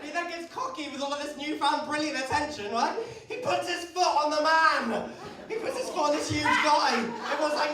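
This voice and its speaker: A young man from doing a rambling, animated stand-up routine at a comedy pub. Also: very high-pitched, fairly quick. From Bristol, England. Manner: animated, rambling storytelling full of "like" and laughter. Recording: echoey pub room, distant mic, loud crowd. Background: audience laughter.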